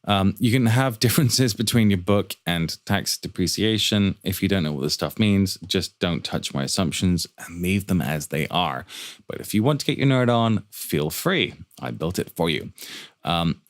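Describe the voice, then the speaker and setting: Deep-voiced man, fast casual tutor talking through a finance model, jokey asides, dry close mic. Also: expressive, dry recording. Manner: quick, joking asides and rhetorical questions. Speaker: startup finance instructor. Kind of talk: fast screen-share walkthrough of a spreadsheet.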